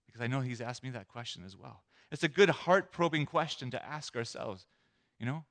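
Guy preaching, lively, keeps asking the crowd questions, middle pitch. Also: fairly quick. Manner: animated, acts out scenes, asks the audience questions. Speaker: pastor. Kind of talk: sermon.

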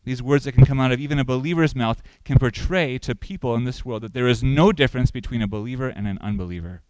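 A man's voice: mid-range voice, fast talker, darkish tone, smooth, dry recording, rough recording. A man preaching a sermon who asks the congregation questions and lifts his voice for emphasis. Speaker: pastor.

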